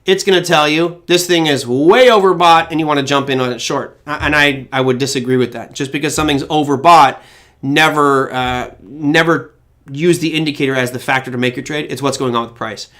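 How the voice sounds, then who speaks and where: A man hosting a live-stream market show, chatting casually with viewers and telling animated stories. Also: on the high side, fairly quick. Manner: animated storyteller who breaks into impressions. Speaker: trading show host.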